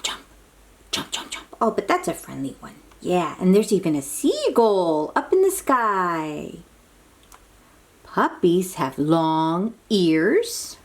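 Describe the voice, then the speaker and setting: A woman reading a picture book aloud to toddlers, animated and sing-song and coaxing, sometimes dropping to soft whispers. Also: medium pitch. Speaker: children's book reader.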